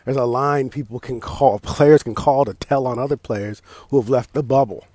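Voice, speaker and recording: On a casual talk show, an American host with a mid-range voice and moderate pace delivers a swearing-filled sports rant in a dry recording. He stays loose, laughing, restarting and breaking into animated outbursts.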